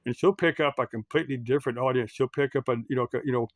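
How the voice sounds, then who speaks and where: A man's voice: mid-range voice, fairly even intonation, quick pace. An American man in the middle of his range talks loosely to his viewers, drifting between points with plenty of "uh" and "you know." His voice sits in a dry, close space with no room echo. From United States. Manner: meandering, full of fillers and restarts. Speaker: YouTube commentator. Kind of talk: casual rambling commentary.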